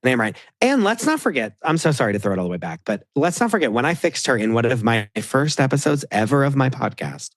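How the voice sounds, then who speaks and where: A man chatting on a podcast as a guest co-host, animated and emphatic, throwing out rhetorical questions. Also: medium pitch, fast talker, few pauses, dry recording, clean studio sound. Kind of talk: casual chat.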